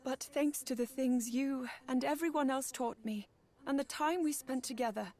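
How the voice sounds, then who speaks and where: A woman voicing a gentle young princess in a game cutscene, speaking softly, wistfully and earnestly. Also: high voice, moderate pace, close to an everyday voice. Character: young princess recalling a lost friend, gentle.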